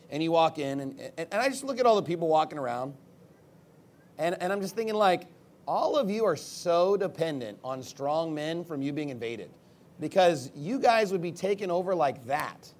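Male pastor, high voice, preaching off the cuff, rambly then forceful on the verses. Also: animated, normal speed. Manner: off-the-cuff, rambling, then emphatic when reading scripture. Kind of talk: sermon.

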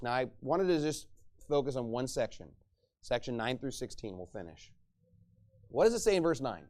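A man pastor preaching a sermon, swinging between loud emphatic exhortation and low, quiet passages.

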